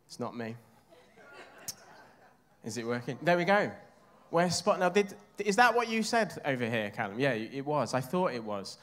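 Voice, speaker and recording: A man's voice: mid-range voice, sing-song, moderate pace, pauses often, a bit bright. A man from England preaching a sermon, chatting with his congregation and asking them questions.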